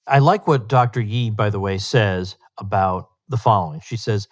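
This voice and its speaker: A man's voice: lowish voice, normal speed, hardly any pauses. A man hosting a solo podcast, talking emphatically and with disbelief, often repeating words for stress. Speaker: podcast host.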